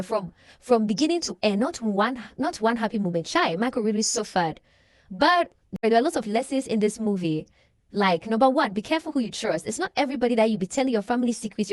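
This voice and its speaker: Animated young woman recapping a movie. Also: fairly high pitch, fast talker, no room sound, studio quality. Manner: animated storyteller, acting out characters' lines. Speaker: movie reaction vlogger. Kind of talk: casual movie recap and reaction.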